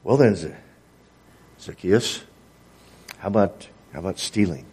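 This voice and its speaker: A man voicing a calm male teacher who patiently runs through searching questions, within a sermon. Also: sits low, a little slow, breathy edge, voice pushed down, full character voice. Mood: probing.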